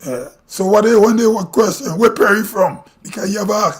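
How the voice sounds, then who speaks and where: A Grenadian man speaks at a strikingly high pitch, ranting to his live-stream audience. He talks bluntly, firing off rhetorical questions and opinions. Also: fast talker, a little mellow. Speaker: livestream host. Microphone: streaming mic.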